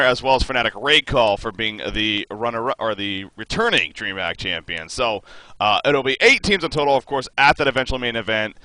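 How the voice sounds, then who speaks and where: A man's voice: mid-range voice, sharp tone, no echo, poor audio. A man co-casting an esports match over a voice call, chatting enthusiastically and restarting his phrases as he goes. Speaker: esports co-caster. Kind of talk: esports color commentary.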